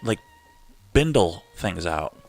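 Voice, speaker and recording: A middle-aged man hosting a live chat show, telling a long story in a loose, animated way and acting out the people in it. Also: low voice, slow pace, gravelly. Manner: rambling, animated retelling with quoted voices. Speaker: host.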